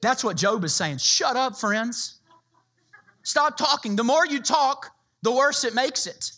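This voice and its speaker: A man preaching a sermon as a pastor, joking and telling stories in an animated way. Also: extremely high pitch, measured pace.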